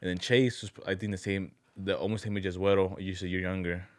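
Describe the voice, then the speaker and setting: A man's voice: low-pitched, flat delivery, quick pace, no echo. A young man telling a story in a loose, slangy way, often repeating words as he goes. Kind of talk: casual chat.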